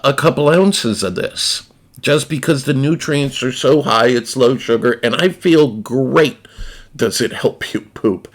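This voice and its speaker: A man talks unhurriedly to his viewers in a gravelly, creaky voice. He is blunt and profane and wanders into rambling asides. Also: mid-range voice. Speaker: gaming streamer reviewing a snack. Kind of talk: casual unscripted chat to viewers.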